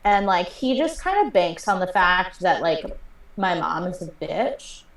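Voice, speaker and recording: A woman's voice: on the low side, lively intonation, a little slow, recorded from a distance. A young woman playing a character in a tabletop game, rambling with lots of fillers. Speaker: player. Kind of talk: in-character improvised role-play. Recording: roomy sound from off-mic.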